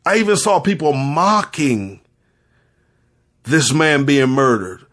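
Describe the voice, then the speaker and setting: A man's voice: fairly high pitch, big pitch swings, slow, a bit bright. A man speaking as a podcast host and spiritual leader, giving earnest, preacherly commentary, repeating phrases for emphasis and holding back tears. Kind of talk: impassioned spoken commentary.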